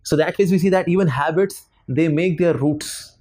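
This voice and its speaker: A man's voice: on the high side, normal speed, darkish tone. A man with an Indian English accent giving a devotional lecture to students, telling stories with acted quotes and many fillers. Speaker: spiritual lecturer.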